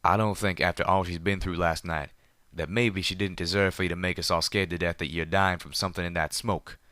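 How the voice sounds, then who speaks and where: Pegasus stallion read by a man: gruff, drawl, protective, punchy and forceful delivery, dry recording. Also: deep voice, steady tone, brisk, no room sound. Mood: angry. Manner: drawling, scolding. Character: gruff southern male pegasus, hot-tempered but protective.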